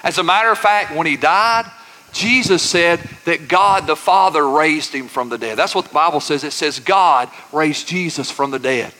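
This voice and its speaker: Brief: male pastor, bright high voice, call-and-response preaching, long church-hall reverb. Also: normal speed, slight background noise. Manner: folksy, says y'all. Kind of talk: sermon.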